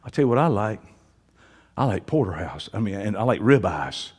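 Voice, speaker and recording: A man preaching a sermon, folksy and joking, swinging from quiet asides to loud preaching. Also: fairly low pitch, sing-song, normal speed, slightly rough, big-room sound. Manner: folksy, joking, uses y'all and ain't. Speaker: pastor. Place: church sanctuary.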